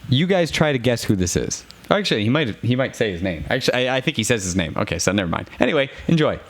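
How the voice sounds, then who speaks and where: A male podcast host chats casually at a live show. His mid-pitched voice is upbeat and talkative, and he often corrects himself mid-sentence. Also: very animated, fast. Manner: chatty, upbeat, self-correcting.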